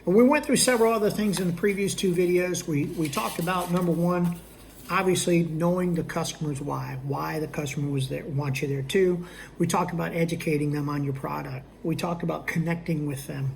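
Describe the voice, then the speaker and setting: Here a man teaches a sales technique, playing both the seller and the buyer while regularly asking listeners "okay?" or "all right?" in a casual, instructional manner. He speaks a little fast in a slightly high, steady voice with vocal fry, and there's slight background noise.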